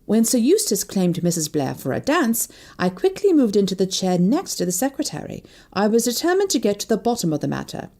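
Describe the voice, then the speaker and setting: Woman reading an audiobook, lots of up and down in her voice, mellow warm tone. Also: mid-range voice, a little fast, hardly any pauses. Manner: expressive, lively character voicing. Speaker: audiobook narrator. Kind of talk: scripted first-person novel narration.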